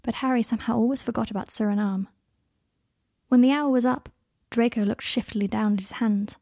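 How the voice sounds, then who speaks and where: A woman reading fan fiction aloud in a soft, intimate narration. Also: fairly high pitch, steady tone, brisk, dry recording, studio quality. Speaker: reader.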